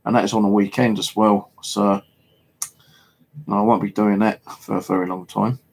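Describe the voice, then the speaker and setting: A man's voice: lowish voice, flat delivery, moderate pace, vocal fry, darkish tone, slightly rough. A man with an English accent telling a rambling, casual story, heavy on fillers and swearing. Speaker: paranormal vlogger. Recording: home video monologue.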